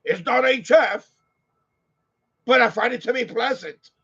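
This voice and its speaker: A man with a New York accent mocking an older male radio ham who slowly and self-importantly repeats his boast. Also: extremely high pitch, creaky, a bit bright, breathy edge, full character voice. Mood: pompous. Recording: slightly dull lo-fi audio.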